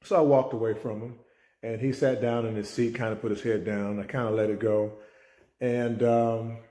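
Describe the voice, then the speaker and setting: A man's voice: medium pitch, steady tone, normal speed, dark tone, echoey room. A man who is a teacher and mentor, telling a story as a life lesson and acting out the dialogue. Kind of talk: spoken life-lesson talk.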